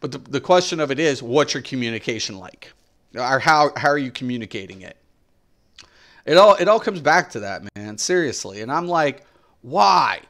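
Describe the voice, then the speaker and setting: A man's voice: mid-range voice, expressive, normal speed, fairly bright tone. A middle-aged man streaming games, ranting with exasperation, repeating his points emphatically and swearing as he talks to his viewers. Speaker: game streamer.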